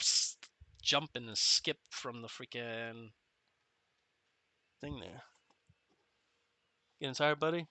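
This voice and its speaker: Sharp-voiced man rambling over gameplay. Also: medium pitch, no echo. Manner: rambling storytelling, often laughing, filler-heavy. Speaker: gameplay commentator and former Marine. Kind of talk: casual commentary while playing.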